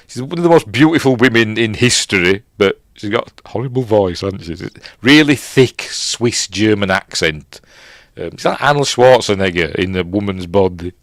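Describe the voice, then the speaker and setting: A man's voice: low voice, no echo, studio quality. Chatty Yorkshire man reviewing a film. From Yorkshire, England. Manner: rambling, chatty, self-correcting with chuckles and fillers. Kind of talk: casual film commentary with live chat.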